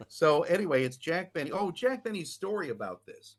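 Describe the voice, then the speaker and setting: A man, a film historian guest on a podcast, telling anecdotes in an animated way with many fillers. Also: a little high, brisk, creaky. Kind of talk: podcast storytelling.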